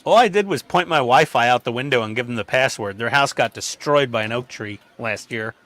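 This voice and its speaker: Bright-voiced man telling animated stories. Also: a little fast. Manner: animated storyteller who acts out quotes with sudden pitch jumps. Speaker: model-building stream regular. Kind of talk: casual group chat while building.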